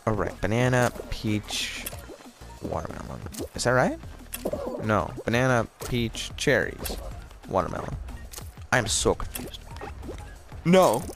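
A man talking through his gameplay in a lively, bouncing voice that leaps up and down in pitch. He is excitable and jokey, slipping into playful nonsense rhymes and mock rage. Faint game music plays underneath. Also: slow, long pauses. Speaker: gameplay commentator. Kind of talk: casual gameplay commentary.

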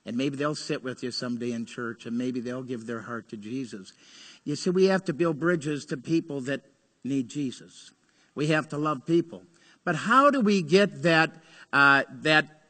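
A male pastor preaching a sermon, telling stories earnestly, rising to urgency and dropping to hushed tones. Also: mid-range voice, moderate pace. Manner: earnest storytelling, swings between urgent and hushed. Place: church sanctuary. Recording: long hall reverb.

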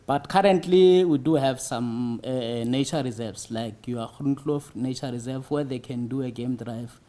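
Halting man, mellow voice. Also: mid-range voice. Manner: halting, frequent "you see" fillers. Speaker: city tourism official. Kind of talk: interview answers.

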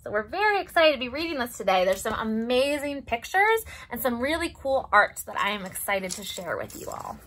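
A young woman leading a preschool story time as a librarian, animated and sing-song, gasping in mock surprise. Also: a little high, brisk, hardly any pauses. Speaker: children's librarian.

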